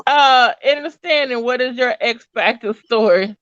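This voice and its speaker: A woman hosting a casual live chat, relaxed and rambling. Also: on the high side, unhurried, clean tone, dry recording. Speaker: host. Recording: dull lo-fi dry sound.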